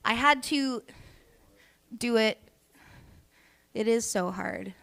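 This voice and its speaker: A woman's voice: a little high, unhurried, vocal fry, pauses often, fairly bright tone. A young woman, hosting a comedy cabaret with crude, teasing, rambling banter. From Canada. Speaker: comedy show host. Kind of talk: casual stand-up banter.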